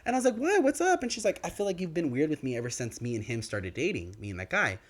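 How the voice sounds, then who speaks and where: Young male podcast co-host, casual storyteller, voice leaps high when quoting others, fairly high-pitched. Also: quick pace. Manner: animated, acts out quoted dialogue with big pitch swings. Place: podcast studio.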